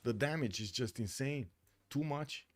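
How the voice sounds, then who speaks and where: A man's voice: mid-range voice, a little slow. A man from Romania with a Romanian accent, commentating a strategy game on a live stream, chatty and full of fillers as he searches for words, laughing easily. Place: home streaming room.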